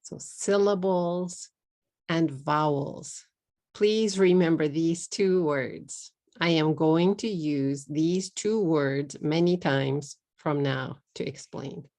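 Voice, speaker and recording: A middle-aged woman from Texas with a Texan accent, teaching an English pronunciation lesson slowly and deliberately, repeating words for learners. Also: sits low, darkish tone.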